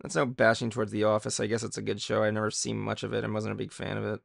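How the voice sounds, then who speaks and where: A man's voice: on the low side, monotone, rapid-fire, gravelly, no echo, studio quality. A man chatting casually and rambling while he draws, muttering to himself. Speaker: drawing vlogger. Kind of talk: casual chat while drawing.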